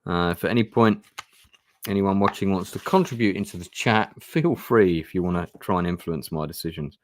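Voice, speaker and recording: A man's voice: sits low, a little fast. A man reading through a fantasy gamebook and chatting casually as he plays. He hesitates often and swears now and then. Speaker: gamebook player and streamer. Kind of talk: casual play-through narration.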